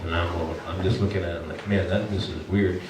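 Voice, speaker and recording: A man's voice: deep voice, fast talker, distant mic, a little hiss or hum. Man preaching a story in an echoey church. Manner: animated, emotional storytelling with many restarts. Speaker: pastor. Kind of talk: storytelling sermon. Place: church sanctuary. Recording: echoey church room from afar.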